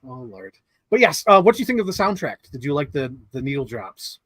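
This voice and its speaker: Excitable chatty man with a dry sound. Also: medium pitch, brisk, no echo. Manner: chatty, leans heavily on 'like', excitable. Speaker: co-host. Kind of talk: casual chat about films.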